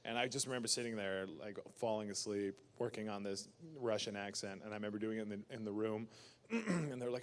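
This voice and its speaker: A man from Canada at a fan convention panel, talking casually into a handheld mic. His voice sits mid-range and leaps up when he acts out other people. He is a lively storyteller who laughs easily. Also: mid-range voice, fast talker.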